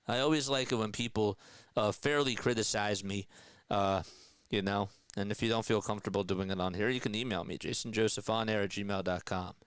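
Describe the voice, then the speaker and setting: Smooth, dry-voiced man calling basketball. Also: lowish voice, fairly even intonation, fairly quick, no room sound, rough recording. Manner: casual, chatty, reads viewer comments aloud. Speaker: play-by-play announcer. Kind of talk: radio-style basketball play-by-play with live chat.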